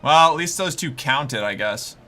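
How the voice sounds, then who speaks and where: A man streaming a game, giving anxious commentary, swearing and talking himself calm with repeated phrases. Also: fairly high pitch, measured pace. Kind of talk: gameplay commentary.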